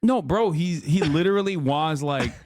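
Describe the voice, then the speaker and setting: A man's voice: fairly high pitch, expressive, normal speed, darkish tone. A man in his thirties giving casual, profane and sarcastic commentary as a stream host.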